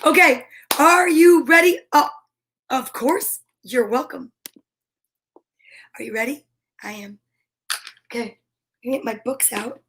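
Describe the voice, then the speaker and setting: A woman hosts a children's storytime, chatting and reading a picture book aloud in a bubbly, friendly way and talking straight to young listeners. Her voice is high-pitched and fairly bright, with a measured pace and long pauses.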